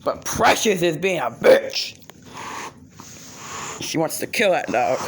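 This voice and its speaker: A woman talking casually to a phone camera at home about her pets, chatty and slow. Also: expressive, breathy edge. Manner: slow, chatty, scolding pets in sudden high shouts. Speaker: pet owner vlogger. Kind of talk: casual vlog talk to camera.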